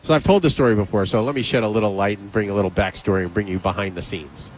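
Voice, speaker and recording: Male radio host, casual storyteller, animated delivery, plays out the dialogue himself. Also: lowish voice, very fast. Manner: animated, acts out both sides of conversations. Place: radio studio.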